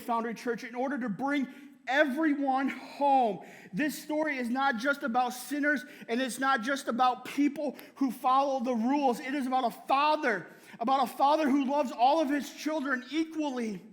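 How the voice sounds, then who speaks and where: A pastor with a strikingly high voice delivers a sermon, speaking to the congregation as if to a friend. He tags many lines with "right?" and often laughs mid-sentence, and the audio has a long reverb tail.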